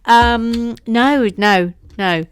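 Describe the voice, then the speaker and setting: A woman's voice: a little high, drawn-out words, clean tone, dry recording, faint music behind. A woman co-hosting a casual chat while building, reading comments aloud in a playful way. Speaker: co-host.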